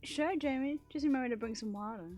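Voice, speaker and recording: A woman's voice: high voice, fast talker, a little mellow, pitched above the performer's own voice, natural voice. A woman voicing a cheerful mother with a put-on country drawl, reading her lines aloud from a game while music plays faintly behind.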